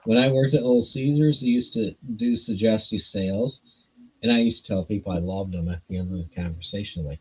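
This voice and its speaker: A man's voice: on the low side, a little fast, breathy edge, rough recording. A man and podcast co-host, joking around with profane banter in casual chat.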